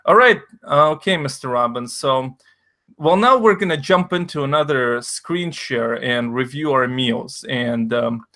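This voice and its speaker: A man's voice: medium pitch, a little slow, bright, forceful tone. A man whose first language is Russian, hosting a stream in a rambling, profane, jokey way. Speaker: stream host. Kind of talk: casual stream chat.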